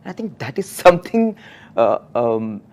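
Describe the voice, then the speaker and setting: A speaker in a devotional discussion, telling a personal story with lively retold dialogue. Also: medium pitch, measured pace.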